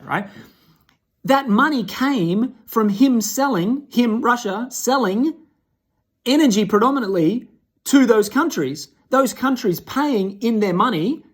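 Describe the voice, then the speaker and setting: Man rambling to camera, emphatic. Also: high voice. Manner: rambling, asks the viewer "right?" often. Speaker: vlogger. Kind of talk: casual talk to camera.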